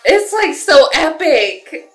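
Animated young woman reacting excitedly. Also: high-pitched, slow, faint music behind. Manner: expressive, animated, lots of "like" and "yo". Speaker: K-pop reaction vlogger. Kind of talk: excited casual reaction chat.

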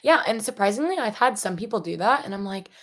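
A young woman in her twenties, co-hosting a casual podcast chat, animated and giggly, acting out what people say. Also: medium pitch, fast talker. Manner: animated, giggly, acts out quotes. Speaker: podcast co-host.

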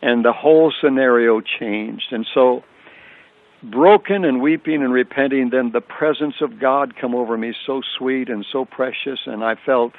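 An older man tells a personal faith story as a radio guest, earnest and repeating phrases for emphasis. His voice sits at an ordinary pitch for a man. It comes through a thin, tinny phone line. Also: moderate pace.

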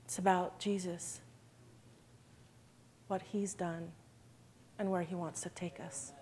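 A woman's voice: on the low side, flat delivery, takes it slowly, warm tone. A woman giving an emotional, earnest church testimony in an event hall, addressing listeners as brothers and sisters.

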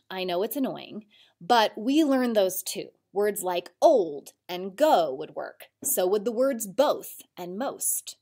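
A woman teacher giving a recorded spelling lesson to children, speaking slowly and clearly in an encouraging way. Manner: slow, clear, encouraging teacher voice with lively pitch.

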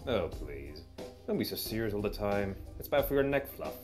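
A cool, smirking dog agent, as a man voices him with a low voice and a slow, taunting delivery. He stays composed and sarcastic throughout. Strummed guitar music plays behind. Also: big pitch swings, a little mellow. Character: sly, mocking male dog FBI agent.

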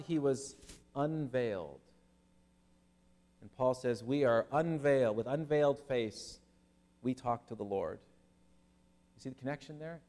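A man preaching a sermon as pastor, animated and lively, with humorous asides to his listeners. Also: a little high. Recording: long hall reverb.

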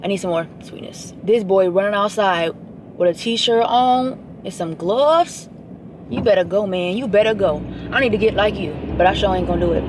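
A woman's voice: medium pitch, normal speed. Sassy young woman vlogging from her car. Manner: chatty, sassy, talks back at other drivers. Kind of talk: casual vlog chat. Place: in a car while driving, then at home. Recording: noisy car recording with wind.

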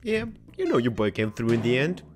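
A man's voice: mid-range voice, big pitch swings, fairly quick, faint music behind. A man giving jokey, self-mocking commentary while playing a video game. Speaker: gaming YouTuber. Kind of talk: let's-play commentary.

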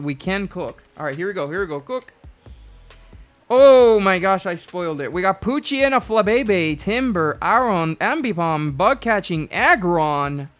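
A woman hosting a live card-opening stream, excitable and repeating hype phrases in bursts. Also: fairly low pitch.

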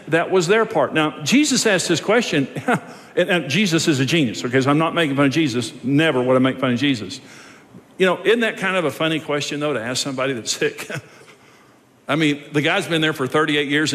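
A man's voice: fairly high pitch, a bit bright, in a large hall. A man preaching a sermon as pastor, in a conversational style that builds to emphatic points.

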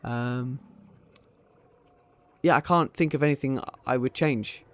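A man's voice: medium pitch, slow. A man hosting a gaming channel, chatting casually and enthusiastically over his gameplay with frequent ums.

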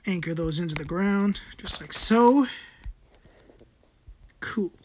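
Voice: mid-range voice, slow, slight background noise. A person giving casual gameplay commentary, muttering to themselves while building and swearing often.

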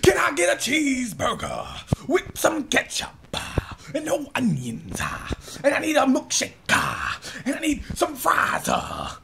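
A man mimicking a shouting TV evangelist who grunts "ah" after every phrase. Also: very high voice, huge pitch swings, unhurried, creaky, few pauses, slight background noise, pitched above the performer's own voice, heavily acted. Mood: mock preaching. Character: bellowing TV preacher man, over-emphatic, grunting "ah".

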